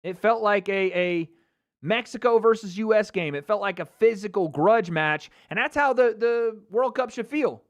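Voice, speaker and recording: Excitable American man, high and clear. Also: normal speed. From United States. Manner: excitable, swearing, bursts into shouts. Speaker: YouTube host. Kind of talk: live match reaction commentary.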